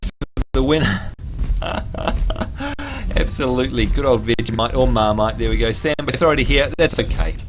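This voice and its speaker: Over background music, a man livestreams his gameplay, talking casually, reading out messages from viewers and shouting them out, now and then breaking into excited outbursts. He speaks at a medium pitch, briskly, with barely any pauses.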